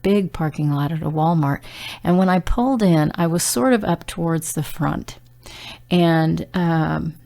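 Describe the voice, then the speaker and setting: A middle-aged woman with a gravelly, low-leaning voice gives an informal devotional message. She talks earnestly and conversationally, telling stories with plenty of fillers. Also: dark tone. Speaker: Christian prophetic speaker.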